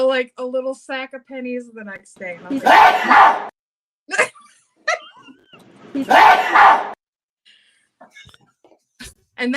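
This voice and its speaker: A woman chatting casually and breaking into laughter as she tells stories about a coworker. Her voice is bright and forceful, and she talks in a loose, animated way. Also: high-pitched. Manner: laughs often, animated and giggly. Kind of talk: casual storytelling chat.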